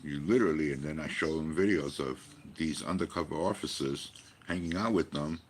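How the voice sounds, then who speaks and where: A man's voice: very deep voice, brisk, a little hiss or hum. A man giving a rambling personal monologue, emphatic and profane, full of rhetorical questions. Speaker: vlogger.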